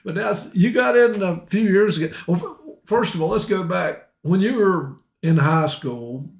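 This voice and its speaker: A man's voice: high-pitched, animated, measured pace, creaky. Chatty podcast host man in roomy echo. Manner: chatty, laughs often, leading questions. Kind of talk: casual interview chat.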